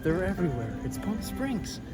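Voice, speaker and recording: A man's voice: high-pitched, sing-song, normal speed, music in the background. A man chatting casually as a travel vlogger, rambling and easily distracted, with dry joking asides. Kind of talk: casual vlog chat to camera.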